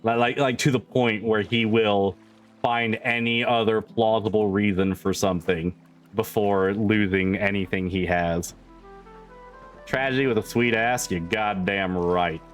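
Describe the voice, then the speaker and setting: A man streamer chatting casually with his viewers, swearing freely and laughing often. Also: fairly low pitch. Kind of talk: casual chat with livestream viewers.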